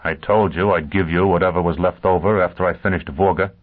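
A man voicing a hard, single-minded male hunter in an audiobook, speaking in a flat, blunt and terse way. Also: deep voice, a little fast. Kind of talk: audiobook character voice. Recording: tinny phone-like sound.

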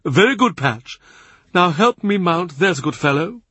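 A man's voice: high voice, animated, normal speed, pushed and bright, slightly rough, no room sound, pitched above the performer's own voice, heavily acted. Aging churchman, emotional and pleading, read by a man in a lifted voice. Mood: jovial.

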